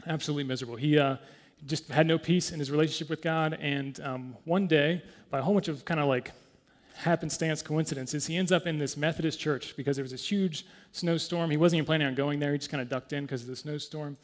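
Guy pastor preaching casually in church, lots of ums and throat clearing, slightly high voice. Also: steady tone, quick pace, big-room sound. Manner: conversational, many fillers, clears throat often. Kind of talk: sermon.

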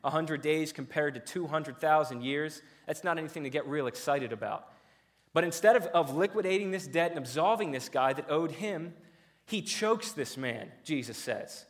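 Guy preaching a sermon, kinda high voice, chatty storyteller, restarts his sentences a lot. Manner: conversational, lively storytelling with frequent restarts.

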